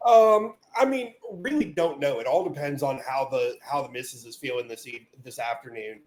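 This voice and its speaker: A man's voice: medium pitch, moderate pace, a little mellow. A man co-hosting a casual podcast who talks in a laid-back, dry way with frequent ums. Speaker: podcast co-host.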